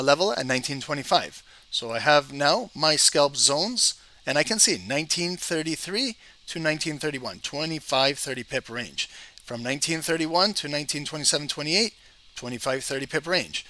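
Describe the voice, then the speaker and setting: Bright-voiced man calling live charts. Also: mid-range voice. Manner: thinks aloud while reading charts, lists price levels. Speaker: trading channel host. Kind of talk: live market commentary.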